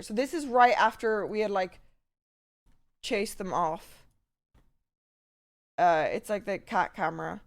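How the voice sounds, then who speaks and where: A young woman streaming to her chat, rambling through a story with heavy swearing and animated retelling. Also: mid-range voice.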